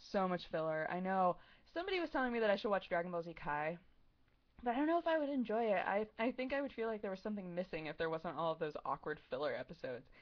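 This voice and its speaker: A woman's voice: medium pitch, expressive, quick pace. A young woman in her twenties chatting casually on a livestream, answering viewer questions in a rambling, giggly way full of "like" and "um". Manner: rambling, giggly, heavy use of "like" and "um". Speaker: streamer answering chat questions. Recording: dull lo-fi stream audio.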